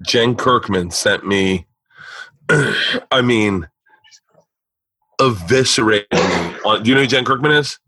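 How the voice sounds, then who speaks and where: A man with a bright, forward voice tells a rambling story on a podcast, swearing freely and restarting his sentences. The sound is close and dry, with almost no room in it. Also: on the low side, slow pace, pauses often, husky, no echo, poor audio. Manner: animated, profane storytelling with frequent restarts. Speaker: podcast host. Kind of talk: casual storytelling chat. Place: indoor home studio.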